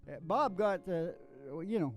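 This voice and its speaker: A man's voice: high-pitched, expressive, slow pace. A man who sings acoustic folk songs and then chats, rambling and joking. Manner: rambling, joking, laughs often. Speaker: singer and guitarist. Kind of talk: acoustic folk singing, then casual chat. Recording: loud guitar accompaniment.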